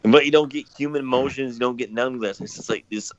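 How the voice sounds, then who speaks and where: A man's voice: mid-range voice, fast, no echo, lo-fi sound. A man hosting a casual livestream chat, cursing a lot and repeating himself as he rambles. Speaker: podcast host.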